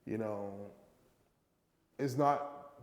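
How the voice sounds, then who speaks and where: Slangy, animated man in echoey room. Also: lowish voice, drawn-out words. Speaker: host. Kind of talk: casual chat. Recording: echoey room with long reverb.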